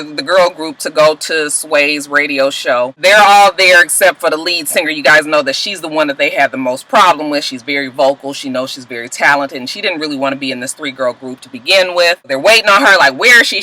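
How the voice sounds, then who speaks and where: A woman casually recapping TV episodes, telling them in an animated, profane way and acting out bits of the dialogue. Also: sits low, low-quality recording. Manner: animated, profane storytelling with acted-out quotes. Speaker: TV recap vlogger.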